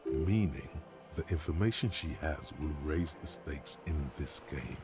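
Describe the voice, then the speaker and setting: An actor playing a commanding inner-voice narrator in a video game, delivering authoritative judgments. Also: male voice, rumbling low, animated, measured pace, over loud music, exaggerated voice.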